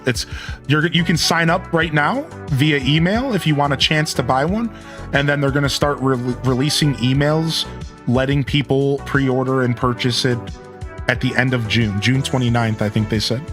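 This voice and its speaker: A man's voice: medium pitch, normal speed, music in the background. A man hosting a live game stream, chatting casually and thanking viewers as he goes.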